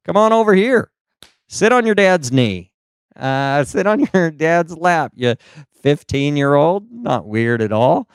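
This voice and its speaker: A man's voice: on the high side, very animated, slow, smooth, dry recording, clean studio sound, pitched above the performer's own voice, exaggerated voice. A man voicing his middle-aged father, who teases his son and laughs while he talks. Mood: teasing. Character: middle-aged dad, teasing and pushy.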